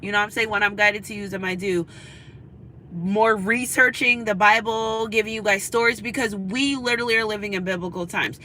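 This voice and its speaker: A woman's voice: mid-range voice, steady tone, a little fast, bright, forceful tone, a little hiss or hum, rough recording. A woman in her thirties, a spiritual reader, giving a casual, preachy pep talk to her viewers and repeating her points for emphasis.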